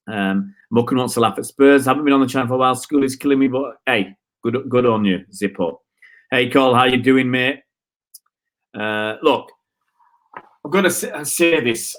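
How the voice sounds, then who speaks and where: A man hosting a live football stream, ranting in frustration and answering viewer comments with rhetorical questions. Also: medium pitch. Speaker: football channel host.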